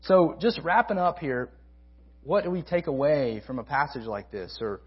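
A man preaching a sermon to a college ministry, emphatic, repeating key phrases and swinging between loud stresses and soft asides. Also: mid-range voice, husky, muffled recording.

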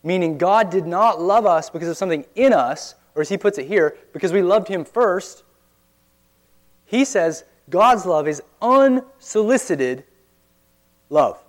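A man's voice: high-pitched, animated, a little slow. Man preaching an earnest conversational sermon. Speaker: pastor.

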